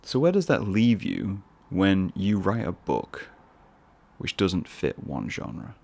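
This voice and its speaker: A man's voice: deep voice, sing-song, takes it slowly, gravelly, a little mellow. A man hosting his own podcast, talking casually on his own in a rambling, musing way with self-mocking asides. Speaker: podcast host. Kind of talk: casual solo podcast monologue.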